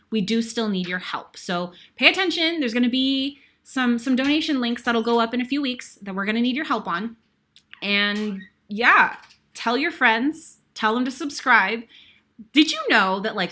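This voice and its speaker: A woman's voice: medium pitch, pushed and bright. A young woman guest-hosting a web show, thanking viewers in an effusive, rambling, casual sign-off. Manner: effusive, grateful, rambling and self-deprecating. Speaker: guest host.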